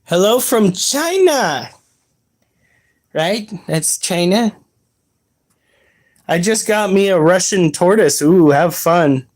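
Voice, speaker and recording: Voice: medium pitch, expressive, slow pace, pauses often. A livestreamer chatting casually while reading chat, swearing a lot and sounding incredulous. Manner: profane, incredulous, rambling.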